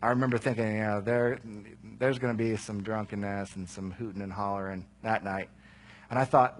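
A man's voice: on the low side, steady tone, normal speed. A man preaching a sermon, telling a self-mocking personal story that builds to passionate emphasis.

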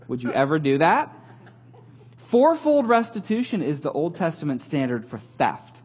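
Guy pastor preaching, kinda husky, voice bouncing all over, joking around casual. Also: on the high side, moderate pace. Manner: conversational, animated storytelling with light humor. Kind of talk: sermon.

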